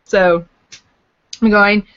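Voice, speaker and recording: A woman's voice: mid-range voice, steady tone, very slow, fairly bright tone, muffled recording. Chatty woman vlogger from Canada. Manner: chatty and rambling, with fillers and playful asides. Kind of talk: casual chat to camera. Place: at home in Los Angeles.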